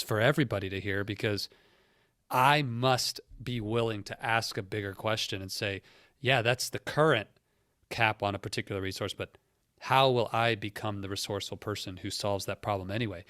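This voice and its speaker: A man's voice: lowish voice, bright, forceful tone, no room sound, studio quality. A middle-aged man hosting a podcast, earnest and reflective, who explains his points step by step. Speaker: podcast host, career coach. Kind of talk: conversational coaching talk.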